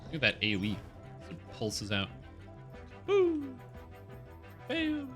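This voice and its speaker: A young man streaming a game, talking through each step in a chatty, joking way. His voice sits a little low in pitch but sounds very bright and forward. Soft music plays behind him. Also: brisk. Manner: chatty, jokey, explains as he plays. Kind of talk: casual gameplay commentary.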